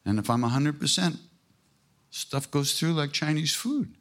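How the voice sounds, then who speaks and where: A man's voice: fairly high pitch, measured pace, fairly bright tone. An older man giving a casual spiritual talk as a podcast host, emphatic and irreverent, with blunt swearing and self-mocking jokes.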